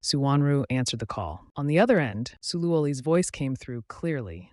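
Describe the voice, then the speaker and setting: A man reading a drama story recap as narrator, voicing every character's lines in the same even voice. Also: medium pitch, moderate pace, no room sound, clean studio sound.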